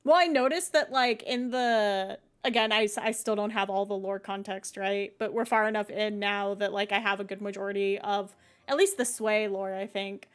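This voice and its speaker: A woman's voice: medium pitch, steady tone, normal speed, clear, resonant tone. Chatty laughing woman streamer. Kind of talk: casual live game commentary.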